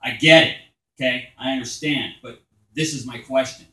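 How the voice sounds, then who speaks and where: A man doing crude open-mic stand-up at a bar, telling stories loosely and shouting his punchlines. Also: mid-range voice, normal speed, reverberant, low-quality recording. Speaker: stand-up comedian. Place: small bar stage.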